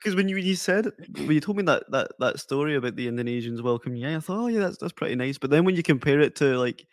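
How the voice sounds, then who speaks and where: A man's voice: on the high side, lively intonation, fast talker, dry recording. A man hosting a podcast, chatting casually and asking questions. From Scotland. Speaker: podcast host. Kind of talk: casual interview chat.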